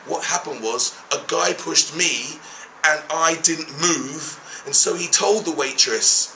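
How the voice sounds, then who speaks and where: A man's voice: on the high side, slow pace, echoey room, a little hiss or hum, low-quality recording. A man telling a story casually, swearing freely and acting out the people in it. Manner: animated, profane, acts out quoted people. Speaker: travel documentary host.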